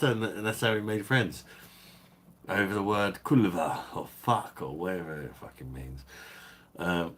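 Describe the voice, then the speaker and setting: Man, deep voice, rambling live-stream beer chat, lots of swearing. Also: normal speed, long pauses, fairly bright tone.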